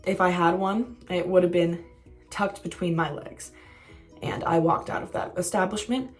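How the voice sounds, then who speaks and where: In this casual storytime vlog, a young woman speaks in a fairly low, fairly even voice at a normal speed over soft background music. She's candid and self-mocking and swears freely.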